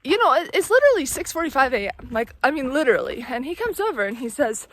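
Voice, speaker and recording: Gadatliwa młoda kobieta z Zachodniego Wybrzeża USA. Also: female voice, high voice, animated, fast, a bit bright, a little hiss or hum. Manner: chatty, many "like" fillers, exasperated storytelling. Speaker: thru-hiker vlogger. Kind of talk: casual vlog storytelling. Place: outdoors on a mountain trail.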